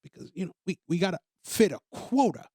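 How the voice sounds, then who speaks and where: A man's voice: high voice, sing-song, fairly quick, darkish tone, husky, no room sound, studio quality. A man hosting a talk show, delivering an opinionated monologue in an emphatic way, repeating himself and stammering on restarts. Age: adult parent. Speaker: podcast host.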